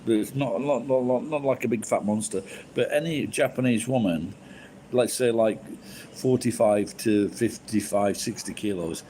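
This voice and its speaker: A man's voice: medium pitch, measured pace, warm tone, a little hiss or hum, low-quality recording. A drunk man rambling and swearing through casual chat as a live streamer, full of false starts. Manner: crude, swears a lot, rambling with restarts.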